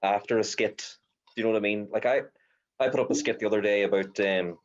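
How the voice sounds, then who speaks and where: A man's voice: lowish voice, steady tone, fast. Guy yapping away on a podcast, doing little voices in his stories, kinda muffled audio. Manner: storytelling with mimicked quotes, chatty. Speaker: podcast host. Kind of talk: casual chat.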